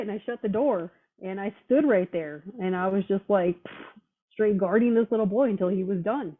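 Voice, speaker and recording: A woman's voice: mid-range voice, brisk. A woman in casual chat, talking bluntly and with heavy profanity, fired up and determined. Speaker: roundtable guest. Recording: tinny phone-line audio.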